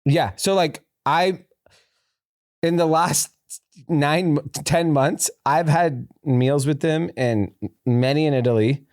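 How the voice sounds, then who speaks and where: A man's voice: fairly high pitch, slow, a little mellow, dry recording, clean studio sound. A man co-hosting a casual podcast, telling loose anecdotes full of swearing and laughter. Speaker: podcast co-host. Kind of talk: casual chat.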